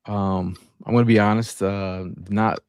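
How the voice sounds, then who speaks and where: A man's voice: lowish voice, level tone, unhurried, a little mellow, smooth, dry recording, studio quality. A man hosting a live sports talk stream, chatting casually and reading out viewer comments. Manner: laid-back, reads out chat comments. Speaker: podcast host. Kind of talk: casual chat.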